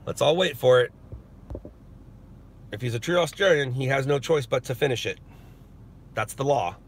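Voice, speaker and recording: In a husky, expressive mid-range voice at normal speed, a man jokes around with his live-stream audience. He's a news stringer sitting in a parked car and talking into his phone, chatty and quick to laugh.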